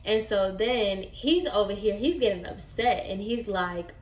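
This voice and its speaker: A young woman vlogger telling a casual storytime, with an animated, sassy way of retelling and lots of fillers. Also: medium pitch, a little slow. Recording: echoey room.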